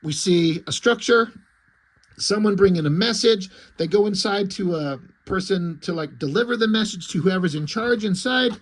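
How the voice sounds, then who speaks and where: A man's voice: high voice, moderate pace. A man casually reading through and reacting to a comic, rambling and amused, with many likes and ums. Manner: rambling, amused, lots of fillers. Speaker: comic reviewer.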